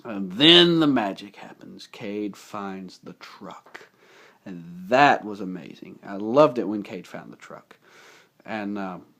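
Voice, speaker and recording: A young man with a somewhat low voice talks through a film's plot in a casual, unscripted way. He rambles and gets excited, with plenty of fillers along the way. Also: takes it slowly. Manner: enthusiastic, rambling, with many fillers. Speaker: movie reviewer. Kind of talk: casual spoken movie recap.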